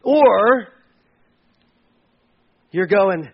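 A man preaching a sermon as pastor, swinging from loud, high emphasis to quiet, low asides and acting out the voices of churchgoers. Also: expressive, slow pace, pauses often, breathy edge, muffled recording. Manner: acts out quoted voices of churchgoers.

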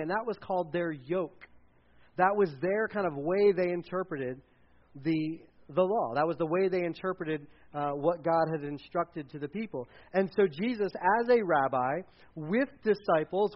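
A man's voice: high voice, muffled recording. A man preaching a casual sermon as pastor, conversational with many fillers and restarts.

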